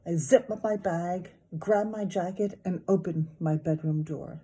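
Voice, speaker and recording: Warm, breathy woman reading a story aloud. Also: lowish voice, measured pace, few pauses. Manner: lively, expressive storytelling. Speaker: teacher. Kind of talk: reading a children's novel aloud.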